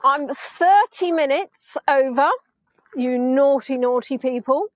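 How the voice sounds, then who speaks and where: A middle-aged woman from Hampshire with a southern English accent, chatting warmly with viewers while leading a live virtual tour outdoors on a beach. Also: high voice, slow, no echo, rough recording. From England (Hampshire). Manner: chatty, affectionate, answering viewers' comments.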